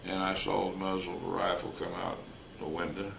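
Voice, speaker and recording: Older man with a deep gravelly voice. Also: flat delivery, brisk. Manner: folksy, anecdotal, acts out quoted dialogue. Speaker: retired wildlife officer interviewee. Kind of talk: storytelling interview. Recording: roomy recording with faint noise.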